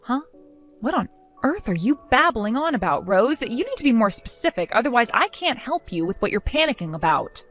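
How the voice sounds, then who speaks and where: A woman's voice: a little high, sing-song, fairly quick, fairly bright tone, soft background music. A woman playing a sarcastic, fed-up young wife. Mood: dismissive. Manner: sarcastic, mocking, dismissive.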